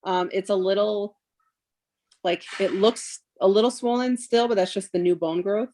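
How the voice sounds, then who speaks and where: There's a little hiss or hum in the recording of this woman in her thirties, a mother and podcast guest, whose medium-pitched voice is warm and steady at normal speed. She emotionally retells a painful personal story, quoting other people and often saying "like" and "um."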